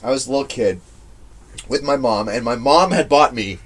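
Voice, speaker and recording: A young man co-hosting a casual snack-tasting chat, an animated storyteller who laughs as he talks. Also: medium pitch, normal speed. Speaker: co-host.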